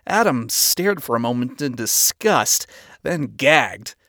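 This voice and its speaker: A man reads a fan fiction story aloud in a steady, even narrating manner. His voice sits at a middle pitch. The recording is dry and close. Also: takes it slowly, no echo.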